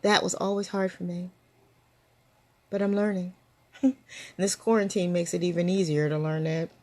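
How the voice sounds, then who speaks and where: An older woman tells personal stories to the camera as host, reflecting on them and laughing often. Her voice is mellow and fairly low, with a steady tone at a normal speed.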